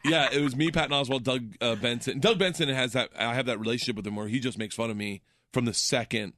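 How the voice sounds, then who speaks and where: A man telling comic stories in casual chat. He laughs often and jumps into excited voices when quoting people. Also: fast talker, no echo, clean studio sound. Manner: animated, laughs often, does high excited voices in quotes. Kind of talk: casual comedic storytelling.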